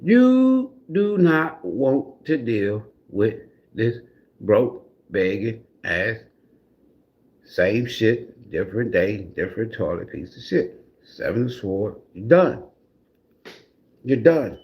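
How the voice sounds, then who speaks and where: A man's voice: on the low side, sing-song, slow pace, muffled recording. A man giving a casual livestream tarot reading in a blunt, profane, mocking way. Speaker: tarot reader.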